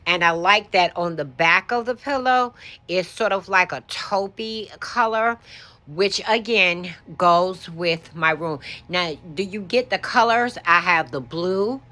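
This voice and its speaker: A woman's voice: fairly low pitch, bright, forceful tone. A woman giving a chatty show-and-tell walkthrough of her decorated bedroom, explaining things as she points them out. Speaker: home decor vlogger.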